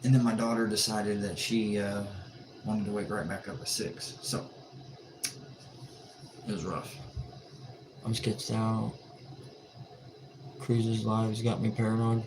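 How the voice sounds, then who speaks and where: A tired man with a low voice hosts a late-night livestream, reading comments and joking back in an easygoing way. His audio comes through with clear background noise. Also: little pitch movement, slow, pauses often. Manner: laid-back, joking, reads and answers chat comments. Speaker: livestream host.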